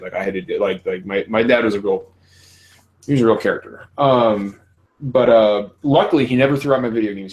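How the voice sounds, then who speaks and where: A man in his thirties hosts a casual podcast conversation with a slightly low voice. He talks candidly, swears freely and laughs often. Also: rough recording. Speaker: podcast host.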